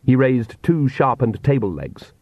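A man narrating an audiobook in measured, even storytelling. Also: mid-range voice, no echo, muffled recording. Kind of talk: scripted narration.

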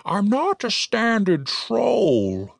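A smug male forest troll with a high, swooping voice, put on by a man reading an audiobook. He lectures slowly and mockingly, like a know-it-all. The recording is close and dry. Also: huge pitch swings, vocal fry, no room sound, heavily acted. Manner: pedantic, slow and mocking. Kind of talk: audiobook character voice.

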